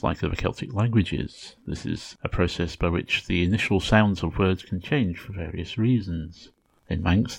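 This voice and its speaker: A man hosting a language podcast, calmly explaining grammar and slowing down to pronounce example words. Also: deep voice, gravelly. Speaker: podcast host teaching a language. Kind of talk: scripted language lesson.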